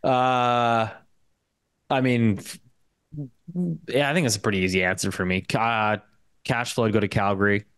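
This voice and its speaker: A young man from Canada with a Canadian English accent, a guest talking casually in an interview, quick and full of fillers and restarts. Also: lowish voice, fairly even intonation, fairly bright tone, clean tone, no room sound. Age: young adult. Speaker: guest market commentator.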